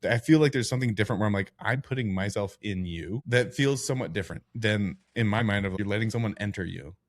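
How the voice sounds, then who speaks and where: A middle-aged man co-hosting a podcast in casual book club chat, frank and joking, his voice jumping high when he is incredulous. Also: fast talker. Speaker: podcast co-host.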